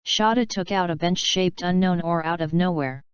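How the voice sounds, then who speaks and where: Woman audiobook narrator, steady, dull lo-fi recording. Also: fairly low pitch, normal speed, clear, resonant tone, no echo. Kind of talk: audiobook reading.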